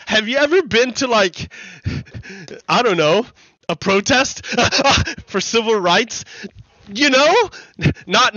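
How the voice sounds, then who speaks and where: A man's voice: sits high, pushed and bright, dry recording, highs cut off. A man hosting a let's play, laughing often and breaking into shrieking outbursts as he rants with incredulous swearing. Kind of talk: casual commentary over gameplay.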